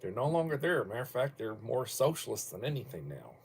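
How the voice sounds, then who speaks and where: A man's voice: medium pitch, very animated, quick pace, vocal fry, darkish tone, husky. An older man hosting a casual livestream from home, rambling bluntly and cursing casually between topics. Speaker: livestream host.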